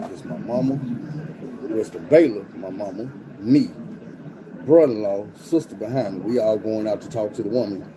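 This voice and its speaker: A man tells a story in casual, profane street slang, acting out quotes with animated swings in his voice. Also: mid-range voice, noisy background.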